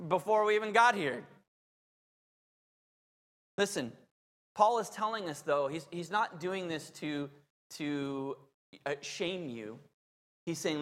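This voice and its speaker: A man's voice: a little high, unhurried, bright, forceful tone. A man who is a pastor, preaching an emphatic, conversational sermon with asides to the congregation. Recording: long reverb of a large hall.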